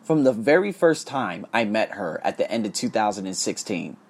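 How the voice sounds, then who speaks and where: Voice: medium pitch, big pitch swings, normal speed, husky. A teacher ranting in a casual vlog, profane and emphatic, speaking heatedly about work. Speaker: English teacher in Bangkok.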